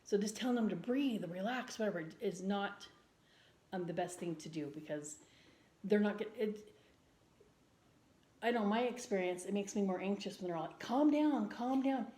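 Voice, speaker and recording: Gentle woman chatting in an echoey room. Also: mid-range voice, moderate pace, pauses often. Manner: earnest, gentle, many ums and restarts. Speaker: vlogger. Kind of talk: casual chat. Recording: roomy indoor echo.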